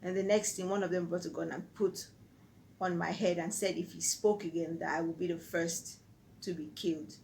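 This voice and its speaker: A woman's voice: fairly low pitch, a little hiss or hum, low-quality recording. A Nigerian woman telling a personal story on her vlog in an earnest, vivid way. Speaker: vlogger.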